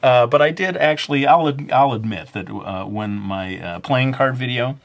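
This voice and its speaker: A drawing instructor with a medium-pitched voice narrates a casual tutorial at normal speed. He's chatty and self-mocking, rambles with lots of fillers, and jokingly slips into a bad accent.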